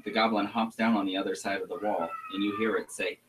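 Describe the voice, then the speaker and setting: A man running a tabletop game for his sons as game master, narrating in an unhurried, hesitant way. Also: lowish voice, fairly even intonation, noisy background. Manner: unhurried, hesitant, lots of fillers and restarts.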